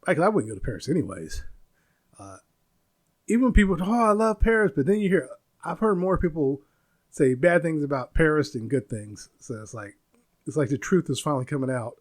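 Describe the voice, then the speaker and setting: A man in his forties from the United States, hosting a casual solo podcast, rambling, laughing often and searching for words. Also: mid-range voice. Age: 40s. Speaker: podcast host.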